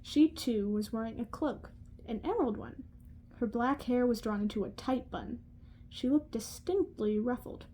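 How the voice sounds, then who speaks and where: A woman's voice: a little high, dark tone, slight background noise, poor audio. Woman reading a novel aloud. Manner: slow, careful reading with some slips. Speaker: audiobook reader.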